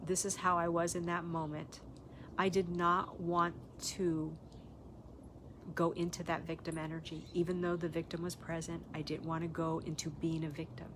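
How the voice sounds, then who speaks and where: A woman's voice: lowish voice, flat delivery, moderate pace, background noise. An older woman, a spiritual teacher, telling a personal story and reflecting on it in a candid, earnest way.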